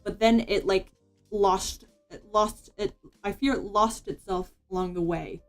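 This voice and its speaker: Drawing at her desk, a woman streamer chats casually into her mic, her thoughts wandering with lots of "like" and restarts. Her pitch is mid-range and her tone steady, at a measured pace, while soft music plays faintly in the background.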